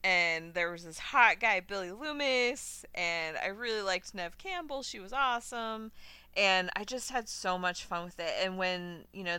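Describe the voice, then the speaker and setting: A woman with a low, smooth, resonant voice looks back fondly in a casual chat. She sounds bright and close, dropping easy fillers as she goes. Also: dry recording. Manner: upbeat reminiscing, fillers like "like" and "you know".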